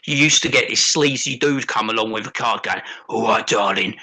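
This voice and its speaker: A British man with a very bright, sharp voice talking in casual podcast chat. He is blunt and swears a lot, and he tells his stories like gossip. His pitch sits in the middle. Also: brisk, rough recording. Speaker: podcast co-host.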